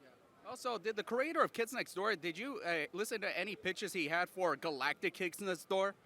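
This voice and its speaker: A man's voice: high voice, moderate pace, sharp tone. A man interviewing a guest at a convention, asking eager questions full of likes and fillers. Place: outdoors at a convention.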